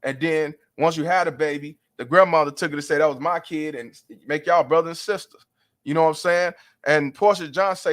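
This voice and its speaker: A man's voice: a little high, a little fast, a bit bright. A man hosting a livestream, ranting bluntly and profanely in heated commentary. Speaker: livestream host.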